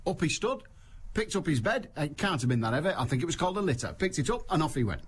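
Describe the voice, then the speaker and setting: A man's voice: on the high side, very animated, fast, slight background noise. A man hosting a radio phone-in, giving a wry, opinionated monologue in a conversational storytelling manner.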